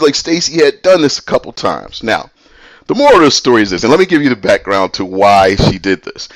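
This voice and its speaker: A middle-aged man casually telling a personal story, animated and slipping into other people's voices. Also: mid-range voice, a little fast, no echo.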